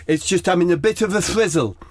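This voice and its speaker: A man's voice: sits high, fairly quick, dry recording, voice pushed up. A man voicing a smug, easily upset young footballer who talks in a prim, sing-song way. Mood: prissy huffy.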